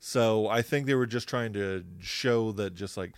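A man's voice: fairly low pitch, unhurried, clean tone, no echo. A man co-hosting a podcast in a casual chat, who explains at length with fillers and self-corrections. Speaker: podcast co-host.

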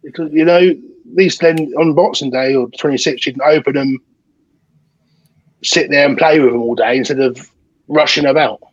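Casting: chatty English man, husky voice, slightly raised pitch, dull remote line. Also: fairly even intonation, normal speed, no echo. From England. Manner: chatty, eager, repeats "you know". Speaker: guest. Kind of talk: casual chat.

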